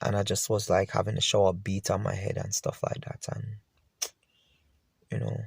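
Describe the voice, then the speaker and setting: A Jamaican man speaks to camera about his own pain, emotional and repetitive, yet his lowish, gravelly, breathy voice stays completely flat at a normal speed. The recording is clean studio sound with no room sound.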